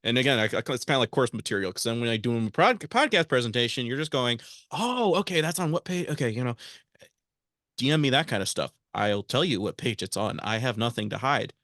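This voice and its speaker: A man's voice: medium pitch, fast talker, fairly bright tone, no echo, studio quality. A man guest on a podcast, talking earnestly and acting out quoted exchanges in a casual interview.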